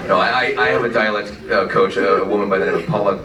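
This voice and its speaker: A man on a film panel giving a relaxed, joking, rambling answer. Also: lowish voice, fast talker, over a noisy crowd, very noisy. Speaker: voice actor on a panel. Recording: echoey hall, distant mic.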